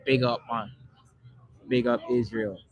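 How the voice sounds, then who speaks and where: A man's voice: mid-range voice, level tone, a little slow, muffled recording. A man on a live stream, reading and answering chat in a rambling, casual way, swearing often and ending most lines with "man". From not born in Britain. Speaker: livestreamer. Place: London.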